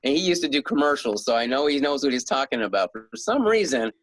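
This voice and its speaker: A man's voice: medium pitch, expressive, fast talker, no room sound, rough recording. A middle-aged man being interviewed as an author, rambling in a casual way with frequent chuckles and restarts. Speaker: guest author.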